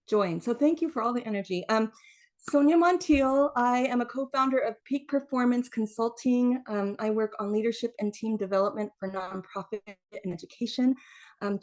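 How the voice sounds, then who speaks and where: A woman who works as a leadership consultant joins a video call. She speaks excitedly and eagerly, with a fairly high pitch.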